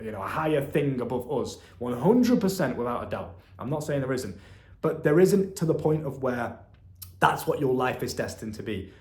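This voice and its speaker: A man's voice: mid-range voice, a little mellow, roomy sound. A young man in his twenties giving a blunt, profane motivational monologue to the camera, calling the listener "bro.". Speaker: self-help content creator.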